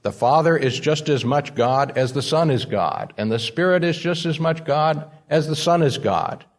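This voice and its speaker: A man's voice: a little high, moderate pace. A man preaching a sermon, stressing key words by repeating them. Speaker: pastor.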